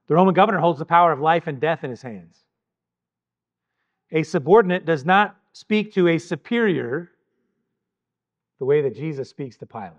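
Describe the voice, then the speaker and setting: A man teaching about the Bible in a measured, emphatic way, pausing deliberately on key words. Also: fairly high pitch, dull audio. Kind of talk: scripted Bible teaching narration.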